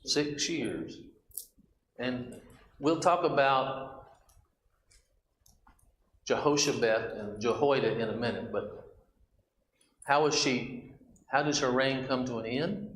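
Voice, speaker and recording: A man's voice: medium pitch, slow, pauses often, fairly bright tone, reverberant, slight background noise, rough recording. Man leading a Bible class. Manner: questioning, conversational, reads scripture aloud. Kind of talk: Bible study discussion. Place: church classroom.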